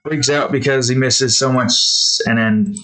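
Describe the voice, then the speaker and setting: A man's voice: mid-range voice, steady tone, measured pace, a bit bright. A man casually chatting while he draws, rambling through a story with many fillers. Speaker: artist vlogger. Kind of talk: casual drawing commentary.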